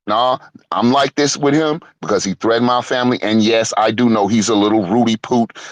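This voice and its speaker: Man, profane heated rant, lively up-and-down pitch, dry close sound. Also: dry recording. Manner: heated, profane, swings from loud to muttering; lively pitch, laughs between points. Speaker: online show host. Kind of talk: casual rant.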